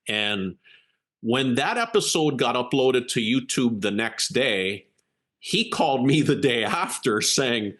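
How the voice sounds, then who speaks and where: Taking it slowly in a mid-range voice, a man who works as a keynote speaker and executive coach tells an earnest story as an interview guest. He's animated and acts out the quotes as he goes.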